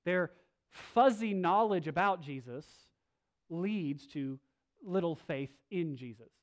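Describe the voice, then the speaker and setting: A male pastor preaching a sermon, moving between loud, slow emphasis and soft, low asides, with casual restarts. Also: lively intonation. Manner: conversational, with filler restarts.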